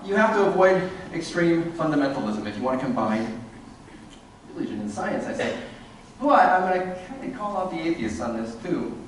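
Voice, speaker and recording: A man's voice: fairly high pitch, a little hiss or hum. A man giving a humorous, sarcastic lecture to an audience. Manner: sarcastic, animated. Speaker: speaker giving a talk to an audience. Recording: echoey hall, distant mic.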